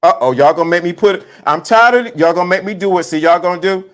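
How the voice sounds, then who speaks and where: Male streamer with a high voice, emphatic and repetitive, riffing to his chat in casual talk. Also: fast talker, very noisy. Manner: animated, emphatic, repeats himself; greets chat viewers mid-sentence. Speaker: livestream host. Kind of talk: casual livestream commentary.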